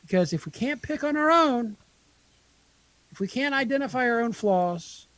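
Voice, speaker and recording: A man co-hosting a casual podcast, blunt and profane in loud banter. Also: very high voice, lively intonation, moderate pace, no echo. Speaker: podcast co-host.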